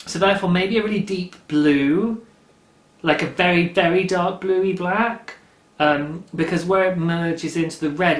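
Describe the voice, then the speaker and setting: Recorded with a roomy echo in a daylit room at home, this young knitting podcast host speaks at a fairly high pitch with a fairly bright tone. His casual chat rambles along, and he laughs a lot.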